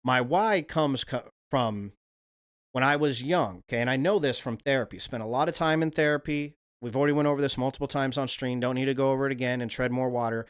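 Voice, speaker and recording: Man, streamer, casual rambling monologue, swears freely, mid-pitched voice. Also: a little fast, smooth. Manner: profane, loose, conversational. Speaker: livestream host.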